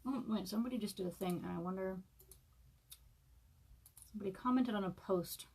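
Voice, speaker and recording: A woman's voice: mid-range voice, fairly bright tone, breathy edge. A woman in her thirties, hungover, chatting casually on a live stream and reading from her own book, with many fillers and laughs. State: hungover, eating saltines and sipping broth.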